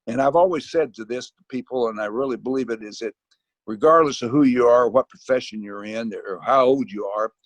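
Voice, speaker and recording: A man's voice: medium pitch, no room sound. Older man rambling through a picture book. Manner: rambling and halting, with frequent fillers and restarts. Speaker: guest reader. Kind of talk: reading a children's picture book aloud with chatty asides. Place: at home.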